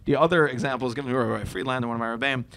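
A young man hosting a casual podcast conversation, telling stories in a lively way and acting out the dialogue. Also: mid-range voice, very fast. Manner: animated storyteller, acts out dialogue.

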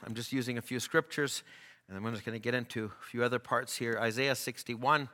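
A man preaching a sermon, impassioned and building to shouts at the climaxes. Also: medium pitch, steady tone, brisk, in a large hall.

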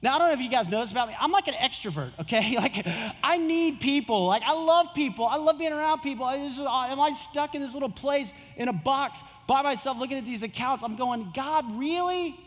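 Man, pastor, sermon, casual repetitive delivery, high voice, long hall reverb. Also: a little fast, hardly any pauses. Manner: casual, conversational preaching that repeats key phrases.

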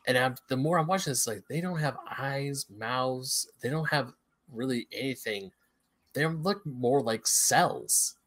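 A man's voice: mid-range voice, measured pace, a bit bright. A man co-hosting a podcast, eagerly explaining his film impressions with stumbling restarts. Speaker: podcast co-host. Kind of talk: casual film discussion.

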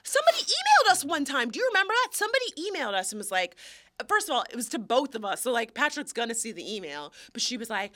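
Animated high-voiced woman podcast co-host. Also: fast talker. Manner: animated, acts out quoted voices, laughs often. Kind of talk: casual chat.

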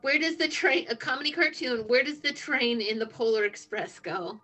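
A woman's voice: high voice, moderate pace, pushed and bright, faint music behind, poor audio. A woman running a trivia game on a casual comedy podcast, playful and teasing as she reads out questions. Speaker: trivia quizmaster.

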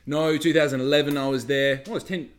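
A man's voice: on the high side, level tone, quick pace. A young Australian man telling a rambling story in casual talk, swearing often and firing off rhetorical questions.

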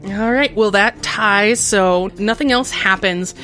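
A woman at a middle pitch runs a tabletop game as game master. She narrates the scene and patiently walks the players through the rules. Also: slow, pushed and bright, faint music behind.

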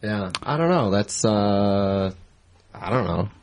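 A man's voice: fairly low pitch, animated, takes it slowly, a little mellow. A man co-hosting a casual chat, easygoing and telling stories. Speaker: co-host.

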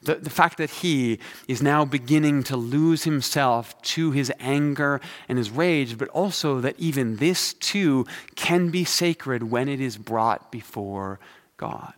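A man's voice: medium pitch, slow pace. A middle-aged male pastor giving a sermon, conversational and storytelling, with dry humor. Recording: long hall reverb.

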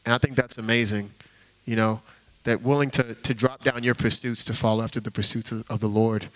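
A man's voice: mid-range voice, steady tone, a little fast, a bit bright. A young man giving an earnest, informal testimony in church, peppering his talk with "like.". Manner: earnest, heavy use of "like" as filler.

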